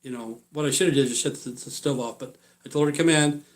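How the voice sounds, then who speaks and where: A man in his sixties with a mid-range voice tells a long personal story on a live stream at a quick pace. He's rambling, blunt and profane, full of fillers, and often trails off quietly at the ends of phrases.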